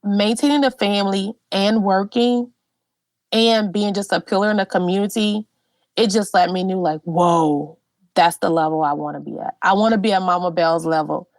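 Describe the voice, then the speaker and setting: Brief: middle-aged woman, lively heartfelt storyteller, dry close sound. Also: mid-range voice, normal speed, no echo. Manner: animated, heartfelt, with frequent fillers. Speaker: guest genealogist. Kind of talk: personal storytelling.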